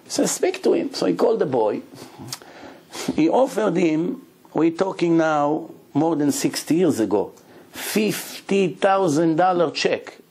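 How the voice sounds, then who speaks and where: A middle-aged man preaches as a rabbi, his voice a little raised in pitch and slightly husky. He tells his stories with animation and jumps into the voices of the characters as he quotes them. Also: expressive, a little slow, a little mellow. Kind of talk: storytelling sermon.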